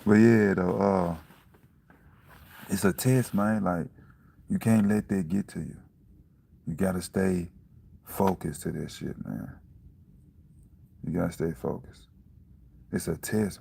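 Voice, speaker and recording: A man giving a casual, profane motivational talk about staying calm, repeating himself to press his point. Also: low-pitched, a little slow, creaky, long pauses. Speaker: vlogger.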